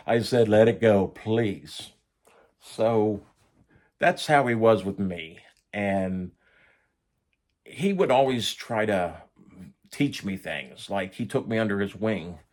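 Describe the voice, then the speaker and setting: A middle-aged man casually telling a profane first-person story, acting out the voices of the people he quotes. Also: on the low side. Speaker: storyteller recounting prison life.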